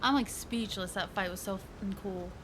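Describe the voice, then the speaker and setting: A woman from Ohio streaming a video game live, gushing with excitement and chatting to her viewers. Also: medium pitch, normal speed, background noise. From Ohio, USA. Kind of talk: live gameplay reaction.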